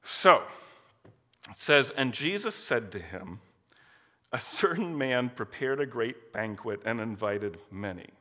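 A man preaching a sermon in a relaxed, conversational way, often laughing and asking the room "right?". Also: medium pitch, takes it slowly, in a large hall.

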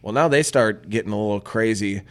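A man with a lowish voice talks a little quickly as he hosts a casual podcast. He tells a story packed with swearing, acting out the quotes in a profane, animated way.

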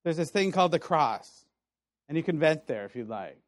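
A man preaching a sermon in a conversational, animated storytelling way, laughing now and then. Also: on the high side, normal speed, no room sound, clean studio sound. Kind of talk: sermon teaching.

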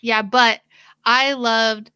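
Woman, bright crisp voice, gushing, says like a lot, dry room. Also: on the high side, level tone, very slow, no echo. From United States. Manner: enthusiastic, lots of "like". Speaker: podcast co-host. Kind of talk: casual chat.

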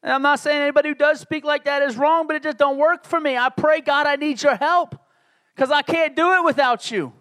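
A man's voice: very high voice, fairly even intonation, fairly quick, fairly bright tone. A man preaching a sermon as pastor, conversational and joking, building to emphatic peaks.

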